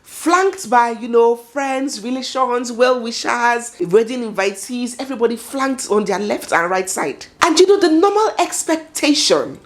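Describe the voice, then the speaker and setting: A woman's voice: fairly high pitch, lively intonation, unhurried, hardly any pauses. A Nigerian woman commenting on a viral video in a dramatic, chatty vlog style, talking to herself and laughing now and then.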